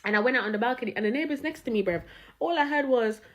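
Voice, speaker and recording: A woman, reacting and telling stories in a casual, animated way, swearing and laughing. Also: a little high, very fast. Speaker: reaction video host.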